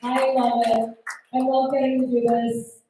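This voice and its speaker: A high-pitched woman in her thirties works the crowd at a comedy club, brash and profane, firing off quick asides. Her voice rings around a very echoey room and sounds set back from the microphone, with faint noise behind it. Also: little pitch movement. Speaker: stand-up comedian. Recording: echoey club, mic heard from a distance.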